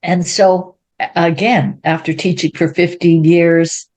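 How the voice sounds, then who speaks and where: Animated older woman, lowish voice. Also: a little slow. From Ontario, Canada. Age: 70s. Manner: animated, acts out quoted speech in a raised voice. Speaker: interview guest, entrepreneur. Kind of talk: personal storytelling in an interview.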